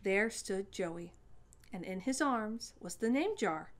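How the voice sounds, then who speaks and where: A woman reading a children's story aloud as storyteller, with an expressive delivery. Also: medium pitch, slow.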